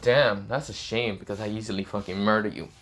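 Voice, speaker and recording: Man reading a cold, mocking young killer for a spoken story; low, calm menace. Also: brisk, lightly acted. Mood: smug.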